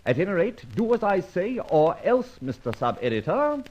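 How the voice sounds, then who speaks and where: A suave, indignant gentleman thief. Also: high-pitched, sing-song. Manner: theatrical, wry, quick to indignation. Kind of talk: 1940s radio drama acting. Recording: dull old radio recording.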